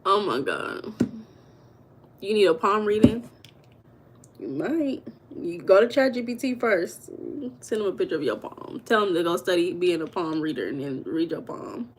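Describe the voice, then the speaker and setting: A woman's voice: fairly low pitch, lively intonation, normal speed, long pauses, background noise. A woman hosting a live stream, chatting casually with her viewers and laughing often. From United States. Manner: chatty, talks to chat viewers, calls them baby and girl; laughs often while talking.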